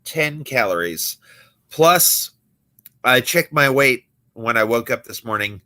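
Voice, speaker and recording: A man's voice: medium pitch, lively intonation, slow, sharp tone. A young adult man, a magician hosting a late-night livestream, chatting casually and acting out the people in his stories. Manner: storytelling, acting out quoted people.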